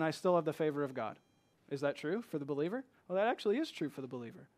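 Male pastor, high voice, sermon delivery, emphatic rhetorical questioning. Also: big pitch swings. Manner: slows down to read scripture.

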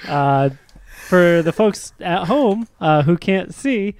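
A man with a slightly high voice, recorded close and dry, playing at a tabletop game. He chats casually and cracks jokes in an upbeat way. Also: lively intonation, slow, clean tone, no echo. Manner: upbeat, joking. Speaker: player.

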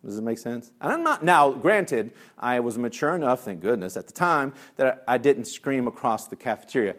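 A male discipline trainer giving a lively workshop talk, telling stories, acting out voices and laughing at his own jokes. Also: mid-range voice, a little fast. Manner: lively storyteller who acts out voices.

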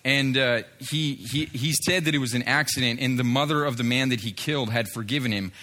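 With a medium-pitched voice that is a little fast, pushed, and bright, a street evangelist relays a testimony story. He reenacts what others told him, and his telling is full of fillers and restarts.

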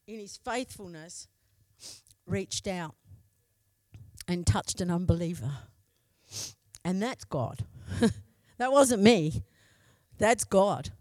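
A woman's voice: medium pitch, darkish tone, dry recording. Give me a middle-aged Australian woman sharing a heartfelt testimony from the pulpit, dry and close. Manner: heartfelt, candid storytelling. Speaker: pastor's wife preaching. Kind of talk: personal testimony sermon.

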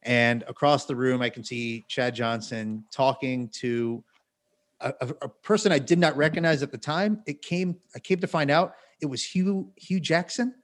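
A man's voice: mid-range voice, moderate pace. A man co-hosting a podcast, telling a long story in a rambling, wry way full of self-corrections and asides. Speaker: podcast co-host. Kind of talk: casual storytelling.

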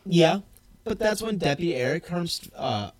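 A man co-hosting a podcast who tells stories with animated energy. He laughs often and talks casually, and his voice sits a touch high for a man. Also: normal speed. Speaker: podcast co-host.

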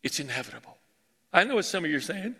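A male pastor, preaching in a high, bright voice. He is lively and joking, drawing in his congregation. The long reverb of a large church hall trails after every phrase. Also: quick pace. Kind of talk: sermon.

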